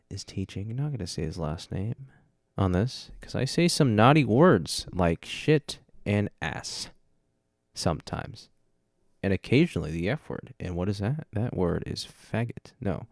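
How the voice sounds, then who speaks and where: Low-voiced young man rambling casually. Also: darkish tone, dry recording, clean studio sound. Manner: rambling, self-deprecating, jokey asides. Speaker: podcast host. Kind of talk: solo casual chat. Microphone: dynamic microphone up close.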